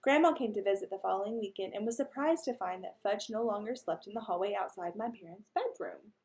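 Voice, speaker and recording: A woman teacher reading a children's chapter book aloud, with expressive delivery, stopping to ask her listeners questions. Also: medium pitch, fairly quick.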